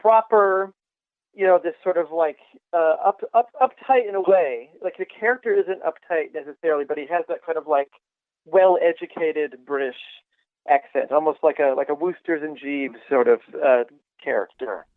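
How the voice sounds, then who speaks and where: A man co-hosting a podcast, chatting with many fillers and halting restarts, often laughing. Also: fairly high pitch, no echo. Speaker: podcast co-host. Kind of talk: casual chat. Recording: tinny phone-like line, dry.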